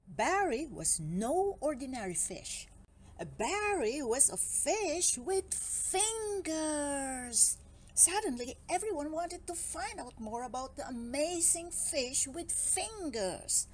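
A woman reading a children's picture book aloud in an expressive, sing-song storytelling manner. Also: high voice, slight background noise.

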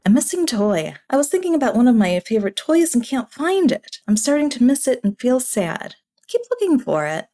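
A woman gives easygoing let's-play commentary, fussing over her game characters like a mother. Her voice sits a little high and swoops up and down with lots of life. She laughs often and exclaims quickly. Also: sing-song, mellow. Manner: chatty, talks to her game characters like family. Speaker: gaming YouTuber.

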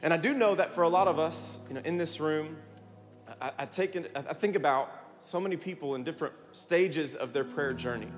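A man preaching a sermon as pastor, energetic and rallying his congregation with repeated calls to respond. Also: on the high side, fairly quick. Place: large church hall. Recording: long hall reverb, music behind.

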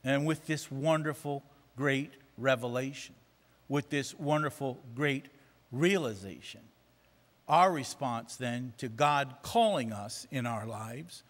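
A man's voice: medium pitch, slow pace. A man preaching a sermon, emphatic and repeating phrases for effect. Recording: long reverb of a church hall.

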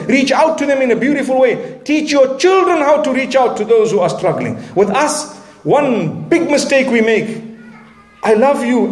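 A man's voice: very high voice, reverberant. A man delivering an earnest sermon with Arabic phrases and touches of light humor. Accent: Southern African English. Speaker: preacher.

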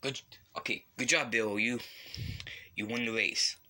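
A man's voice: medium pitch, steady tone, unhurried, sharp tone. A young man playfully narrating a block game, voicing its characters and making animal noises. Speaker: video maker voicing toy-like game characters.

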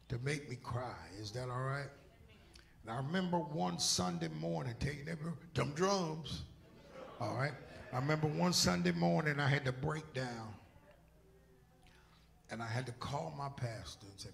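A man preaching a sermon as pastor, swinging between loud shouts and hushed whispers. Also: on the high side, moderate pace, vocal fry. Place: church sanctuary.

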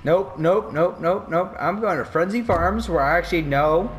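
A man's voice: sits high, moderate pace, slight background noise. A drunk man rambling and laughing in casual chat while playing a video game. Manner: giggly, rambling, loud outbursts. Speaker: gamer.

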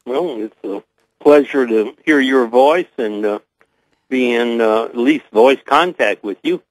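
An older man with a Southern US accent, a guest answering interview questions slowly, with many pauses and fillers. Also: medium pitch, no room sound, rough recording. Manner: hesitant, many uh fillers, measured.

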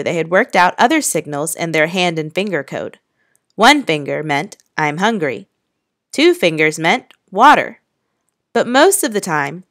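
A woman teacher reads a children's novel aloud in a clear, measured way. Her voice sits on the low side. The sound is close and dry. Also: a bit bright, no room sound.

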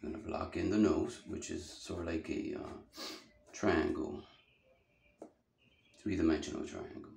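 A man's voice: low-pitched, measured pace, vocal fry, a little mellow, roomy sound, a little hiss or hum. A man teaching a drawing lesson, talking casually and thinking aloud as he sketches.

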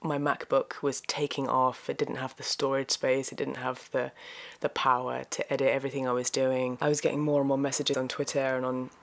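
A woman talking to viewers in a heartfelt thank-you vlog, emotional and halting as she expresses her gratitude. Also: rumbling low, level tone, gravelly. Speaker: voice actor and YouTuber.

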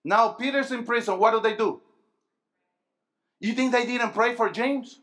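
Slow, high-voiced man preaching a sermon. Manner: call-and-response, asking the crowd questions; swings between low, quiet stretches and loud emphatic bursts. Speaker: pastor. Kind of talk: sermon to a youth rally.

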